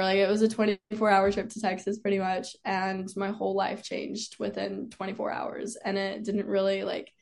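A young woman tells a personal story as an interview guest. She chats casually, her voice sitting at an ordinary middle pitch, and she fills her sentences with "like" and frequent laughs. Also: gravelly. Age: young adult. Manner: chatty, peppered with "like", laughs often. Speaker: guest, college cheerleader.

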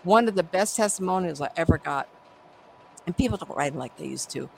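A woman's voice: fairly low pitch, expressive, fairly quick, creaky, a little hiss or hum, low-quality recording. A middle-aged woman, a psychic medium, telling stories animatedly in an interview and acting out the voices. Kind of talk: conversational interview storytelling.

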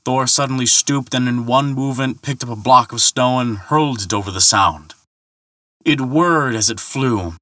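A man narrating a myth as a storyteller in a measured, dramatic way. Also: mid-range voice, a bit bright, no echo, clean studio sound.

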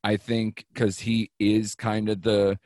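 A man hosting a casual film review chat, digressive, with quick laughing asides. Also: lowish voice, level tone, darkish tone, dry recording, clean studio sound. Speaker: podcast host.

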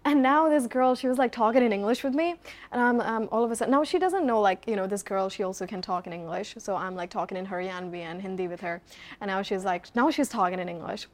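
A young woman from India, a guest chatting in a casual interview, bubbly and playful with quick answers. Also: mid-range voice.

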